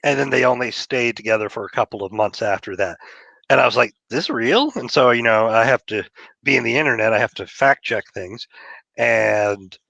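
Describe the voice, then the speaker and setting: A man's voice: medium pitch, a little fast, gravelly, bright, forceful tone, no room sound, muffled recording. A man from Texas, a comic book writer and guest, talking casually and chattily with lots of fillers. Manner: chatty, laughing, trails off in fillers. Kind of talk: casual interview chat.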